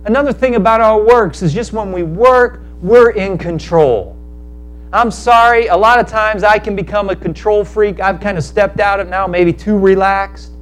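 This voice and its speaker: A man preaching a sermon, telling a parable in animated storytelling style and acting out the characters in quick asides. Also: high voice, clean tone. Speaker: pastor.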